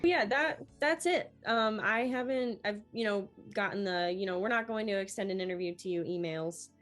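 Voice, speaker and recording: A young woman, a newly accepted medical student, tells her story in an interview in an animated way, acting out the dialogue she quotes. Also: mid-range voice, moderate pace, faint music behind.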